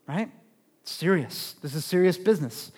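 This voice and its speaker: A man preaching a sermon in a conversational way, asking rhetorical questions and swinging between loud and hushed. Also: sits high, animated, normal speed, breathy edge. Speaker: pastor. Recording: long reverb of a large hall.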